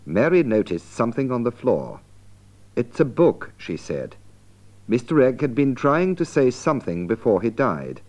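A man giving slow, deliberate scripted narration for language learners. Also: medium pitch, big pitch swings, a little mellow.

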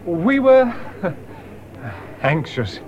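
A young suitor in a radio play, lively rising voice, slow careful delivery, faint noise behind. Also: male voice, high-pitched, highs cut off, full character voice. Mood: shaken. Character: young man John, earnest suitor caught in a fire. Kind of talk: radio drama for English learners.

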